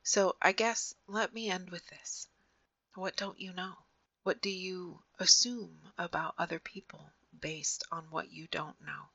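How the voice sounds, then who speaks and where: A woman hosting a podcast, giving an earnest, gentle reflective monologue that often drops to a soft near-whisper. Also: low-pitched, vocal fry, husky, no room sound, muffled recording. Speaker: podcast host.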